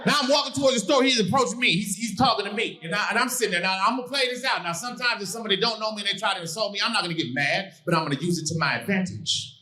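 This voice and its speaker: A man performing a stand-up routine on a comedy stage, repeating words in quick bursts. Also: high-pitched. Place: comedy stage before a live audience. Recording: live show with loud crowd.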